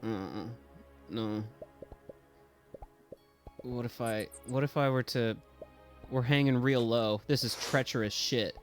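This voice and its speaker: Excitable man streaming a game, music behind. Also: mid-range voice, unhurried, pauses often. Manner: excitable, swears freely, yelps and talks to chat. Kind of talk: casual live gameplay commentary.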